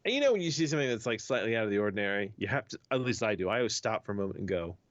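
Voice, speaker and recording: A man's voice: lowish voice, animated, racing, no echo. A man co-hosting a podcast, teasing his friend and telling a story in casual chat. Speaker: podcast co-host. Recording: dry, dull lo-fi sound.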